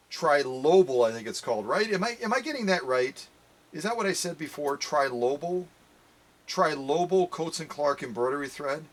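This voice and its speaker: A man hosting a live premiere sewing demo, talking playfully to viewers as folks. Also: mid-range voice. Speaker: sewing machine restorer.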